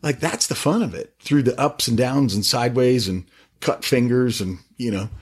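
A middle-aged man talking about faith on a podcast with eager, animated, preachy storytelling. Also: medium pitch, moderate pace, slightly rough. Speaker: podcast guest, faith-based business owner. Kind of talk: casual podcast conversation.

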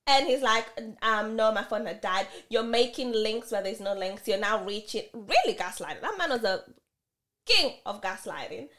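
Animated woman podcast co-host telling a story. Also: fairly high pitch, normal speed. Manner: animated storytelling, acting out both sides of an argument. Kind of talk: casual podcast chat.

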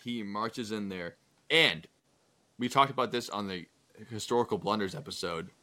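A man hosting a casual podcast, retelling history with crude jokes and quick acted-out asides. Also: fairly low pitch, bright, forceful tone. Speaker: podcast host. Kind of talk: casual comedic history chat.

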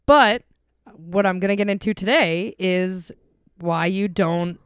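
A woman with a stuffy, congested voice hosts a relaxed true-crime podcast, reading her notes and tripping over names now and then. Her tone stays smooth and clean despite the cold, recorded close and dry with no room sound. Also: mid-range voice, measured pace, dry recording. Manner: laughs often, stumbles over place names. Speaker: podcast co-host.

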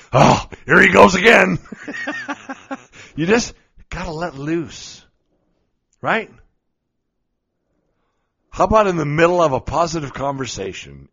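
Playful middle-aged man, lively jokey pitch. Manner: playful, jokey, laughs often. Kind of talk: casual monologue. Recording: dull lo-fi recording.

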